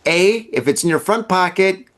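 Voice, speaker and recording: A man's voice: high voice, normal speed, a bit bright. A man hosting a podcast, reading odd news stories and riffing on them with joking asides. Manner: reads headlines then riffs with laughing asides. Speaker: podcast host. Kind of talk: jokey news commentary podcast.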